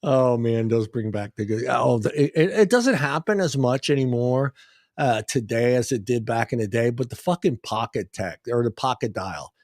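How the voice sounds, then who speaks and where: A man's voice: mid-range voice, lively intonation, moderate pace, a little mellow, dry recording, clean studio sound. A man hosting a podcast in casual chat, joking and laughing loosely with plenty of swearing. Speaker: podcast host.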